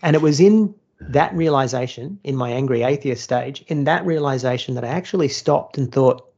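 Gravelly man telling a blunt story. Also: mid-range voice, normal speed, dull audio. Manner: blunt, swears freely, animated storytelling. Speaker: former churchgoer turned atheist, storyteller. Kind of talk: casual podcast chat.

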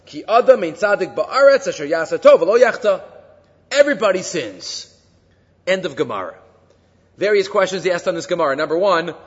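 High-voiced rabbi lecturing in an echoey hall. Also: male voice. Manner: lively, storytelling, quoting and explaining texts. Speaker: rabbi teaching a class. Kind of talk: Torah class lecture. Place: classroom with handouts. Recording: dull lo-fi recording in a reverberant hall.

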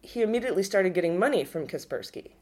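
A woman co-hosting a podcast, talking politics in a casual, animated way, often restarting sentences and swearing. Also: on the low side, quick pace. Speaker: podcast co-host.

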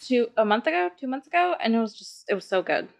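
Lively, higher-voiced woman co-host. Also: creaky. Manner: reactive, encouraging listener with quick jokes. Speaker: podcast co-host. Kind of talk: casual podcast chat.

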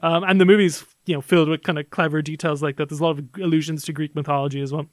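A man's voice: on the high side, level tone, rapid-fire, no echo, studio quality. A man talking as a podcast film critic in a casual review discussion, enthusiastic and analytical, with many "like" and "um" fillers.

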